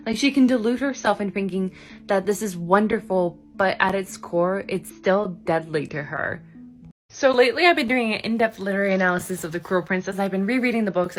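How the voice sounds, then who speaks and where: A woman's voice: medium pitch, fairly bright tone. Chatty young woman breaking down a book. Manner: chatty, enthusiastic, fillers like "like" and "you know". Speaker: book reviewer. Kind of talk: casual literary analysis.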